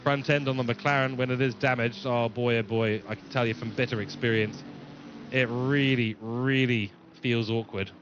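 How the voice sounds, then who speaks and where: A man's voice: medium pitch, fairly even intonation, normal speed, fairly bright tone, lo-fi sound, slight background noise. A man from New Zealand with a mixed English and New Zealand accent, giving live race commentary and reading viewer chat aloud. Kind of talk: live sim-racing commentary.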